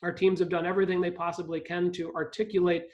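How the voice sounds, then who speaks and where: A man's voice: high-pitched, completely flat delivery, fast talker, dull audio. A man from Ohio speaking as a guest on a live video call, with frequent ums and restarts. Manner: hesitant, many ums and restarts. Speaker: park district CEO, guest speaker.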